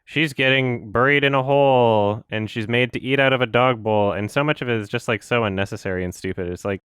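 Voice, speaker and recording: Young man, smooth voice, sarcastic rambling. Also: medium pitch, a bit bright, no echo, clean studio sound. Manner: fast, rambling and sarcastic, laughs often. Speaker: podcast co-host. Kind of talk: casual chat.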